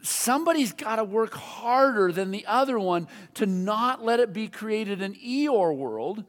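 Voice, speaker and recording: An older man delivers a sermon in a high-pitched voice, talking to the congregation like a conversation and circling back to the same refrain. His words ring out with the long reverb of a big hall. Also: animated, a little slow. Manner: conversational preaching with repeated refrains and questions to the audience.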